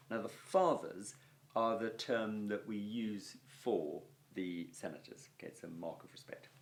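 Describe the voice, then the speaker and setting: English guy teaching latin, lowish voice that goes up and down a lot, patient, keeps saying okay. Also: vocal fry. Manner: patient, explanatory, often says "okay". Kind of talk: walking through textbook exercises.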